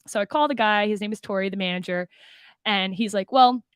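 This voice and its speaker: A young woman from Arizona telling her business story in an enthusiastic, animated way, acting out the dialogue and saying "like" a lot. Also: medium pitch, brisk, clear, resonant tone, no echo. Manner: enthusiastic, acts out dialogue, fillers like "like" and "oh my God". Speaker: guest, food business owner.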